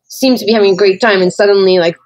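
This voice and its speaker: Her voice sits in the mid range, darkish and steady, and she talks fast. She co-hosts a podcast, chatting candidly and reflectively with plenty of fillers and restarts, on a poor-quality recording with no echo.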